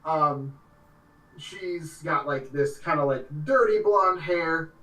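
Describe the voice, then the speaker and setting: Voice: medium pitch, slow pace, fairly bright tone. A game master narrating a tabletop game casually, with lots of fillers. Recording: echoey room.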